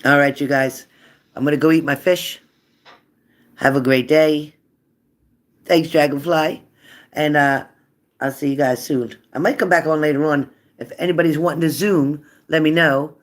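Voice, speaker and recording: A man's voice: on the high side, fairly even intonation, moderate pace, pauses often. A man hosting a tarot live stream in a casual, chatty way, reading out viewer comments and answering them earnestly.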